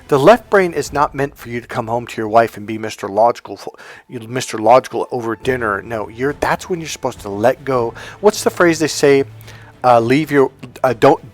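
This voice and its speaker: A man coaching on dating, telling a story in an animated, emphatic casual monologue. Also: medium pitch, normal speed, soft background music.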